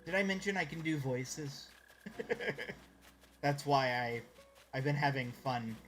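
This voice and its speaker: A man's voice: mid-range voice, slow, a bit bright, soft background music. A man chatting casually on a live stream while gaming, rambling and greeting viewers by name.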